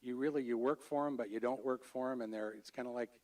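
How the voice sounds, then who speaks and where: A man who manages a county fair gives a halting, earnest public comment at a board meeting, with many restarts. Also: mid-range voice, steady tone, a little mellow. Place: state board meeting room. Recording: voice a bit far from the mic.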